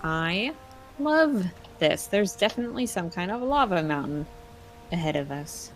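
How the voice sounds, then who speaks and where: A woman's voice: lowish voice, lively intonation, moderate pace, soft background music. A woman hosting a casual gaming stream, chatting playfully and reading viewer comments aloud. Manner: playful, reads chat aloud. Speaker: stream host.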